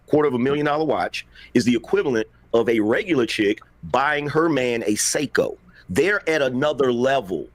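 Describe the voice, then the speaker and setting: A man's voice: medium pitch, no room sound. Insistent man defending his point, dry sound. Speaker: panel guest. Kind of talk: live panel debate.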